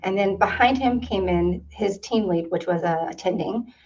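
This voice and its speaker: A woman's voice: medium pitch, moderate pace, a little mellow, slight background noise. Earnest woman telling her story, distant and lo-fi. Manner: earnest, repeats for emphasis. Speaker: seminar speaker. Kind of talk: personal storytelling. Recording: distant, dull lo-fi sound.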